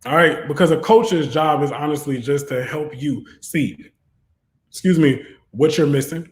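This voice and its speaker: A man with a fairly high voice, speaking at normal speed, gives an online tarot reading in a room with an echo. His manner is preachy and fervent, frequently rising into exhortation.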